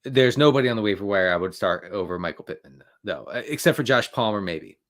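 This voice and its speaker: Male sports analyst, casual live stream, fast rambling delivery with sarcastic rants, restarts and asides. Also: fairly low pitch, animated. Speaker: fantasy football analyst answering viewer questions.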